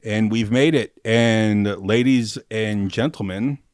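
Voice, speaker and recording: A man's voice: lowish voice, slow pace, darkish tone, no echo, clean studio sound. A man hosting a podcast, chatting casually, laughing and swearing as he tells stories. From half Mexican father, raised in US. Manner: laughing, swearing, loose storytelling. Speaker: podcast host.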